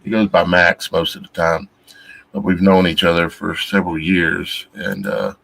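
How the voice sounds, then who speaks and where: A man's voice: low-pitched, sing-song, normal speed, gravelly, a bit bright, slight background noise, rough recording. A man hosting a casual call-in panel, answering with short supportive affirmations. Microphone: video call.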